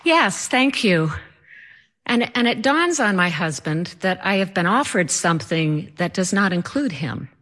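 A woman telling a personal story with animated, comic timing. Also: lowish voice, normal speed, few pauses.

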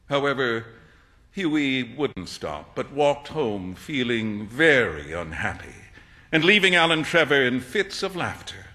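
A man reading a classic story aloud with expressive, animated storytelling. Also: medium pitch, measured pace. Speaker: narrator.

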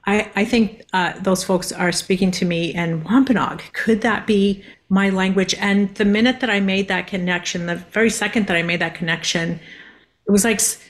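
Woman from massachusetts on a radio interview, lots of ums and restarts, kinda halting. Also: mid-range voice. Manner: hesitant, many ums and restarts. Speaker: guest, linguist.

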